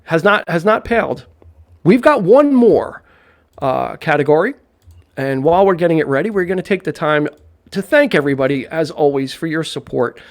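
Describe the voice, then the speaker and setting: Man, podcast co-host, fairly high voice, rambling casual chat, restarts a lot. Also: lively intonation, normal speed. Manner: rambling, frequent restarts, playful jokes. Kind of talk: casual live-stream chat about films.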